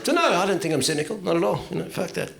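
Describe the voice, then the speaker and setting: A man performs stand-up in a gravelly, animated voice, lurching between grumbling asides and loud, profane rants. The live recording is noisy, with audience laughter breaking through. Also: very fast. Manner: profane, ranting, swings from low mutter to loud outburst. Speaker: stand-up comedian. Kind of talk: stand-up routine. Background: crowd laughter.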